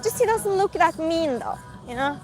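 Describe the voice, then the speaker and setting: A woman's voice: extremely high pitch, animated, normal speed, low-quality recording. A woman, chatting casually and giggling as she reads out live comments while walking outdoors at night. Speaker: livestreamer. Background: music from a passing car.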